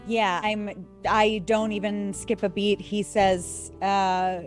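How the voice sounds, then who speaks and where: Slow, hesitant woman describing her move. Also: mid-range voice, flat delivery, soft background music. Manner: slow and hesitant, many fillers. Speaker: player. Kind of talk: describing her character's actions.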